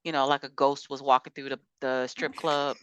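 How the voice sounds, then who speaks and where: Bright-voiced woman co-hosting a chat. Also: very deep voice, moderate pace, slight background noise. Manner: animated, mimics people she talks about, laughs often. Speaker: podcast co-host. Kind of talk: casual chat about reality TV.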